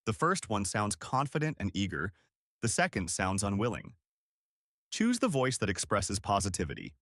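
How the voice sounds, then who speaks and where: A male instructor narrates a scripted lesson with clear, deliberate articulation. His pitch swings widely and expressively. The sound is close and dry, with no room around it. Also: big pitch swings, fairly bright tone, no echo. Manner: clear, deliberate coaching delivery.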